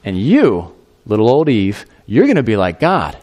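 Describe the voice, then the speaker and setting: A man playing a smooth talking snake that coaxes and reassures, staying close to an everyday voice. The coaxing tone sits in the flow of a sermon. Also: on the low side, wildly swooping pitch, moderate pace, darkish tone, voice pushed down. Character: smooth persuasive male talking snake tempter.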